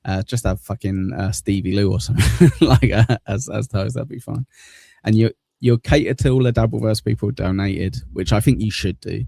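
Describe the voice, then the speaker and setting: Lowish, brisk and creaky, this man's voice is warm and slightly rough, recorded with no echo. He hosts a livestream with a near-Cockney southern English accent, chatting loosely through viewer comments, rambling and casually swearing.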